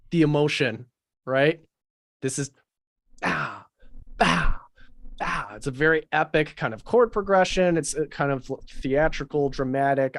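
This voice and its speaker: A man's voice: on the high side, no room sound. A man running a live mixing tutorial over a video call, casual and thinking aloud with plenty of fillers. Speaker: mixing engineer teaching a livestream.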